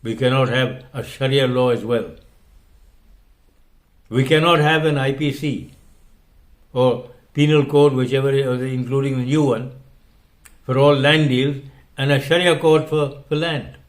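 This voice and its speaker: A man's voice: medium pitch, steady tone, measured pace, long pauses. Impassioned older man. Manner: impassioned, emphatic. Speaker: host. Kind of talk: opinion commentary monologue.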